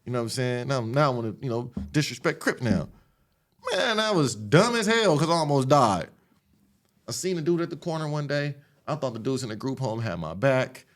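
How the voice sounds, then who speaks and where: A man from the Los Angeles area, a podcast guest retelling his past in an animated, streetwise, profane way. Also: mid-range voice, brisk. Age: adult, after an 18-year sentence. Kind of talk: casual storytelling interview.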